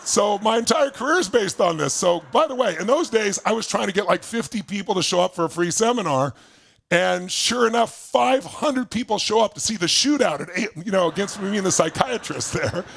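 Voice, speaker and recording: An older man telling a story as a motivational speaker, animated and laughing as he asks the audience questions. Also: sits high, a little fast, gravelly. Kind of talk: storytelling seminar talk.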